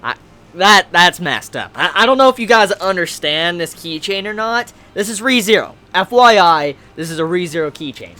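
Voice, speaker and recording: A man vlogging casually as he unboxes gifts, excitable, stammering and repeating himself, at times shouting. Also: high-pitched, moderate pace, soft background music. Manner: excitable, swings to shouting and squealing. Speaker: anime vlogger.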